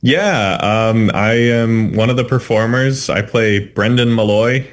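A man's voice: mid-range voice, measured pace. A young man, an actor, chatting casually as an interview guest and laughing easily.

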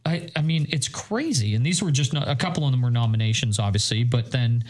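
A man's voice: mid-range voice, brisk, a little mellow. A man from Northern Ireland co-hosting a podcast, chatting eagerly and rambling with lots of fillers. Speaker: podcast co-host. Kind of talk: casual chat.

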